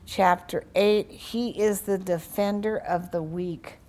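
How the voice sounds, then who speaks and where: A woman's voice: mid-range voice, fairly even intonation, darkish tone. A woman preaching a sermon, praying fervently and reading scripture aloud with emphasis. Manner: slow, emphatic delivery with fervent prayer.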